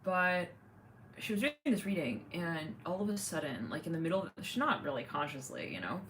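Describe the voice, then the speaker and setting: A woman's voice: on the low side, animated, fairly quick, a bit bright, a little hiss or hum. A woman hosting a casual livestream, chatting in a rambling way with many fillers, thanking viewers. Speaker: livestream host.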